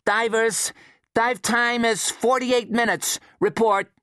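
A man's voice: very high voice, fairly even intonation, slow, a bit bright, smooth, no echo, studio quality, pitched above the performer's own voice, heavily acted. Guy voicing a tough station boss barking orders, raised voice, storybook thriller. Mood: clipped radio report. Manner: barks orders. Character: tough male station chief, a commanding marine biologist.

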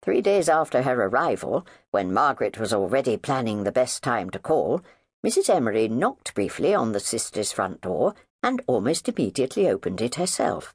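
A woman reading an audiobook as narrator, in scripted, expressive narration on a studio microphone. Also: very deep voice, normal speed, breathy edge, no echo.

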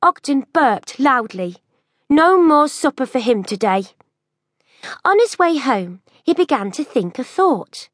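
Woman, children's audiobook narrator, high lively voice, slow and expressive, dry close sound. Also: dry recording. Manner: expressive storytelling.

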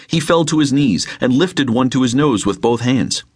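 A man reading an unabridged novel aloud, with measured, dramatic storytelling into a close mic. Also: medium pitch, lively intonation, slightly rough, no room sound. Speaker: audiobook narrator. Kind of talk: scripted narration.

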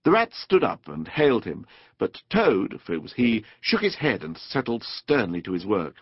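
A man narrating a children's storybook audiobook in an expressive, playful, animated way. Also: on the low side, normal speed, husky, no room sound. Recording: dull dry studio recording.

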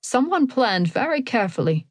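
A calm, commanding old woman with a German accent, as a woman narrator puts her on. She lays out each point in an even, measured way. The sound is dry and close. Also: a little high, no room sound, voice pushed up.

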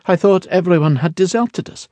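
A man voicing a wary, proud young noblewoman in an audiobook, speaking in a lifted, crisp and guarded way. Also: high voice, moderate pace, dark tone, no echo, pitched above the performer's own voice, natural voice.

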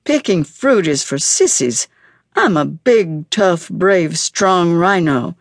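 A young rhino boy putting on a tough act, snarling and huffing his lines, as a woman reads him aloud. He talks slowly and evenly, close to the mic in a dry room. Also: fairly low pitch, expressive, no room sound, heavily acted. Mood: gruff.

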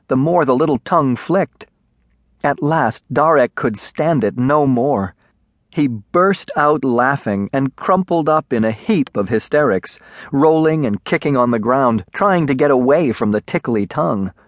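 A man narrating a children's storybook in a measured, expressive way on a close studio mic. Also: medium pitch, dry recording. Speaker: audiobook narrator.

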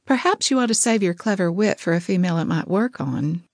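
A woman voicing an impatient, spirited petite young woman who speaks high and indignant. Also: animated, brisk, no room sound, clean studio sound.

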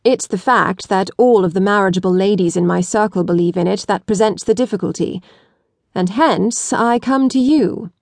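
A cool, blunt aristocratic young man, as read by a woman narrator. He lays out his terms calmly and without warmth, in a measured, businesslike way. The sound is dry and close, with no room. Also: medium pitch, dry recording, natural voice.

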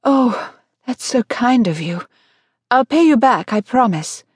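A woman's voice: a little high, lively intonation, unhurried, husky, dry recording, studio quality, voice pushed up. A woman voicing an anxious, earnest young woman in an audiobook. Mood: flustered. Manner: flustered and earnest.

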